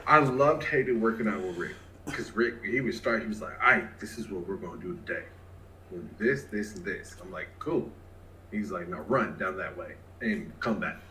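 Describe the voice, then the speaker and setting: A man's voice: on the low side, lively intonation, moderate pace, fairly bright tone, roomy sound, a little hiss or hum, rough recording. A man co-hosting a casual podcast, telling stories with lots of laughter and acted-out quotes. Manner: laughing storyteller, acts out quotes. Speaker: podcast co-host. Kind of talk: casual chat.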